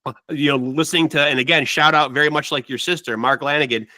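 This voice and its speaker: A man's voice: fairly high pitch, fairly even intonation, fast talker, bright, forceful tone, dry recording. Talkative older man hosting a podcast. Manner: rambling, says "man" often. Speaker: podcast host. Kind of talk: casual interview chat.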